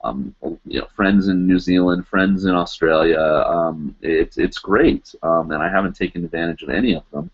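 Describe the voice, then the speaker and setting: A man's voice: deep voice, normal speed, few pauses. A man in his thirties chatting casually on a live stream, answering viewers with many ums and restarts, from his apartment. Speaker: vlog host answering live chat. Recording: dull lo-fi webcam audio.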